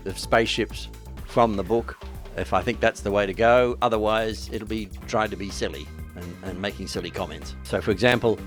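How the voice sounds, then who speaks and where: Low-voiced man rambling wryly. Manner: rambling, self-deprecating, wry asides. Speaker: author promoting his book. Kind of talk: casual vlog monologue.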